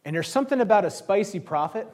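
Male preacher, high voice, sarcastic storyteller who acts out the scripture characters. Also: lively intonation, fast, a little mellow. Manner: wry, sarcastic, acts out the kings' lines. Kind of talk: sermon retelling scripture.

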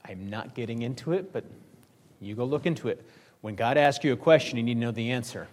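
A man's voice: mid-range voice, expressive, brisk, a little mellow. A male pastor preaching a sermon in a conversational, joking storytelling manner.

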